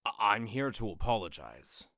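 A man's voice: on the low side, big pitch swings, normal speed, pushed and bright, dry recording, clean studio sound. A man voicing a stern male fox general and protective father in an audio drama, commanding and harsh.

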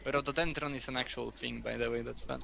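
Ein Mann mit polnischem Akzent, Polnisch als Muttersprache, der beim Spielen locker plaudert und seine Mitspieler neckt. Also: male voice, mid-range voice, steady tone, fast talker, creaky, sharp tone. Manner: joking, teasing banter. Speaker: streamer playing a tank game. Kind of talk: casual gaming chat. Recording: noisy home mic.

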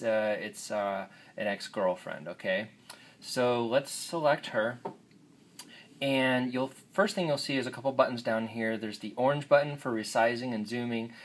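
A man's voice: fairly low pitch, fairly bright tone. Upbeat man demoing a phone app. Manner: upbeat, informal, jokey. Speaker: app demonstrator. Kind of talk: casual app demo walkthrough.

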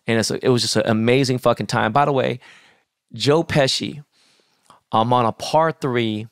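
A middle-aged man co-hosting a podcast, swearing freely and jumping into animated stories. His voice sits at an ordinary pitch, and the room sound is close and dry. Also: normal speed, clean tone, dry recording. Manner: profane, animated storytelling. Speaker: podcast co-host. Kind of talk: casual podcast chat.

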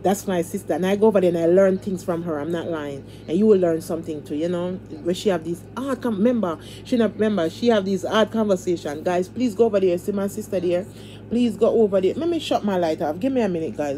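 A woman's voice: on the low side, quick pace, warm tone, a little hiss or hum. A woman hosting a casual livestream, talking in a fervent, repetitive, preacher-like way and pleading with her viewers. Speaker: livestream host.

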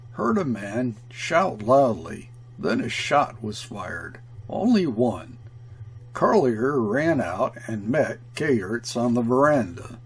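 A man reading a classic short story aloud as narrator, measured and deliberate. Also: mid-range voice, gravelly, husky. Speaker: audiobook reader. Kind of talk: literary narration.

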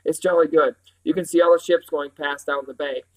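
Barney, a man reading as a boy faking calm. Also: on the high side, fairly quick, lightly acted, rough recording. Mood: casual. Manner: forced casual. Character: young boy feigning casualness.

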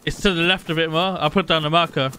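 Bright-voiced joking streamer guy. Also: fairly high pitch, steady tone, fast talker, a little hiss or hum, low-quality recording. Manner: joking banter. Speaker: streamer playing with friends. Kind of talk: casual gaming chat.

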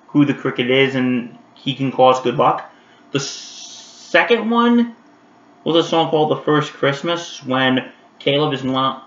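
In a casual vlog, a medium-pitched man talks straight to his viewers about an old animated holiday special. His delivery is chatty and animated, with plenty of fillers. The sound is lo-fi, dull and roomy.

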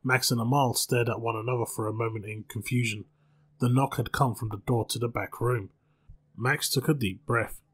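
A man narrates a spooky short story in a calm, measured way. His voice sits at an ordinary pitch with a husky texture. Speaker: storyteller and channel host.

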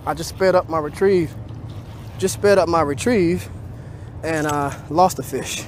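A man's voice: on the high side, measured pace, slight background noise. A man fishing outdoors at dusk, chatting casually to viewers between casts. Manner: talks to viewers between casts, swears when he loses a fish. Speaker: fishing vlogger. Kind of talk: casual commentary while fishing.

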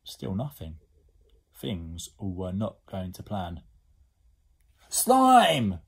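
A man reading a children's storybook aloud as a teacher, expressive and animated. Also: sits low, slow pace, creaky, husky.

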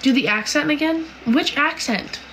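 A woman's voice: sits high, moderate pace, fairly bright tone, slight background noise, poor audio. A woman from Canada hosting a casual livestream, reading viewer comments aloud and answering them in a chatty, giggly way full of "like"s and "um"s.

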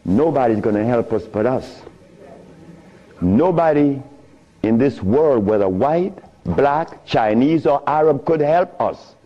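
A man telling stories in an animated talk, chuckling often and speaking with preacher-like emphasis. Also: medium pitch, slow pace, long reverb tail. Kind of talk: animated storytelling lecture. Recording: dull lo-fi recording.

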